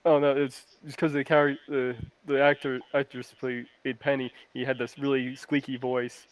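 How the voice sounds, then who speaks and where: A man in casual podcast chat, relaxed and matter-of-fact. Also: mid-range voice, normal speed, low-quality recording. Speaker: podcast panelist.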